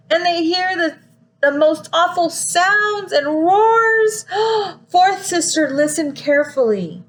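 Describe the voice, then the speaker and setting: A woman teacher reading a picture book aloud to young children, gasping often and pausing to ask them questions. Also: high voice, a little hiss or hum, poor audio. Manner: expressive, frequent gasps, asks listeners questions.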